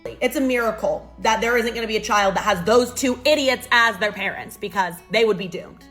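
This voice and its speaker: A woman's voice: fairly high pitch, brisk, fairly bright tone, faint music behind. Sarcastic woman telling a storytime. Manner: sarcastic, dramatic. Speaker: storytime narrator. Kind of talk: storytime narration for social video.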